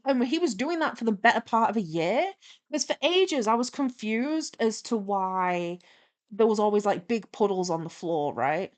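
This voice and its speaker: A young woman streaming while she animates, chatting and retelling a story with lively quoted dialogue. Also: medium pitch, normal speed.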